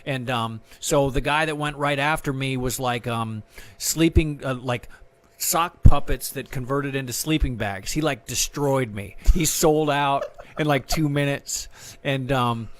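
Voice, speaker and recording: A middle-aged man, a guest artist and filmmaker, chats in a casual interview with a medium-pitched voice at an unhurried pace. He rambles and mocks himself, restarting his sentences many times.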